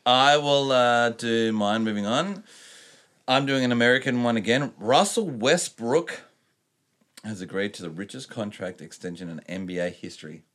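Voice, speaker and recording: A man co-hosting a podcast, talking in crude, rambling banter and reading sports news haltingly. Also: mid-range voice, a bit bright. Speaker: podcast co-host. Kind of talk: casual sweary podcast banter.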